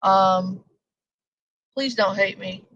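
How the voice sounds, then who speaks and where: A woman's voice: mid-range voice, steady tone, drawn-out words, a bit bright, dry recording. A woman hosting a casual live stream, rambling and joking with plenty of swearing. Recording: dull lo-fi stream audio.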